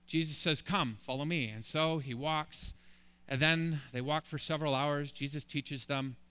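A man's voice: a little high, fairly even intonation, unhurried, fairly bright tone, smooth. A man preaching a sermon as a pastor, building emphatic, rising lists of phrases.

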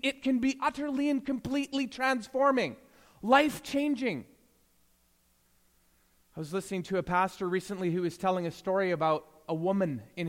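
A man preaching a sermon as a pastor, telling stories and swinging between hushed, slow passages and emphatic rises. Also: sits high, big-room sound.

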